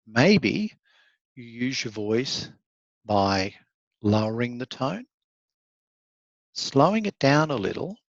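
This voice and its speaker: A man teaches law in an online session. He reads out comments from his students and answers them warmly, often laughing as he goes. His voice sits at an ordinary pitch, and the recording is dry and a little muffled. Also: big pitch swings, slow pace, pauses often, no echo. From Australia. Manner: encouraging, conversational, laughs often. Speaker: law lecturer. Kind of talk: online lecture, reading student chat comments aloud.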